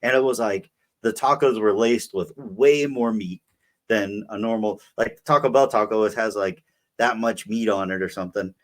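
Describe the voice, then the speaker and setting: Young male podcast co-host, low voice, rambling casual storyteller. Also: moderate pace. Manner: rambling, filler-heavy storytelling. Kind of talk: casual chat.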